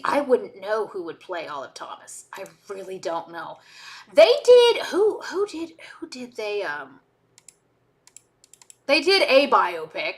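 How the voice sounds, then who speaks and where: Streaming while she edits video, a woman chats casually and rambles, often interrupting herself with asides. Her voice is medium in pitch and fairly bright.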